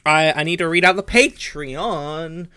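A man co-hosting a podcast who talks in a halting, hesitant way as he wraps up the episode. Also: fairly high pitch, pushed and bright, clean tone, dry recording. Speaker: podcast co-host. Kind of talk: casual chat.

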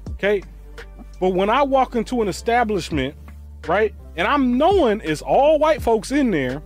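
A man hosting a reaction show, giving loud, animated commentary and swearing freely. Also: sits high. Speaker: host.

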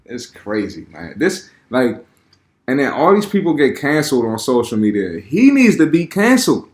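A man's voice: mid-range voice, wildly swooping pitch, normal speed, echoey room. A man giving blunt, slangy reaction commentary on a clip, often repeating words as he gets heated. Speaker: fitness commentator reacting to clips.

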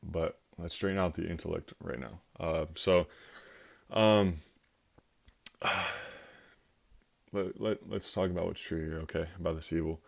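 A man with a deep, low voice teaches about faith in a relaxed, conversational way. He often slips into acted-out scenes, voicing the people in them as he goes. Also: measured pace, creaky, pauses often. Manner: conversational, acts out scenarios with quoted voices. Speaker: Christian teacher. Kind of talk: informal teaching talk.

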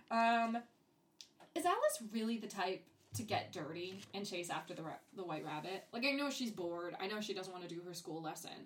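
A young woman hosting a podcast, chatting casually, laughing often and swearing freely. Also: medium pitch. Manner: giggly, profane, animated. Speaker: podcast host.

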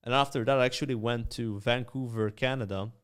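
A young man from Malta, a podcast guest telling rambling, animated anecdotes full of fillers. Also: mid-range voice, a little fast, clear, resonant tone. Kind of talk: casual storytelling.

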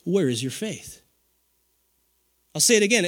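Animated, high-pitched preaching man. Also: measured pace. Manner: animated preaching with call-and-response and laughter. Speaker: pastor. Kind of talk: sermon.

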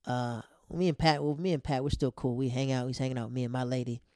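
Warm-voiced man telling a slangy story. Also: medium pitch, quick pace, clean tone, no room sound, clean studio sound. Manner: animated, slangy, laughs often. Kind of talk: casual storytelling.

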